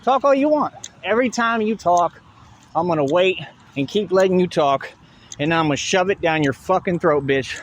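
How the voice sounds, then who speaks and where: A man's voice: high-pitched, normal speed, slight background noise. Combative profane man ranting. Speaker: online show host. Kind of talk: ranting monologue.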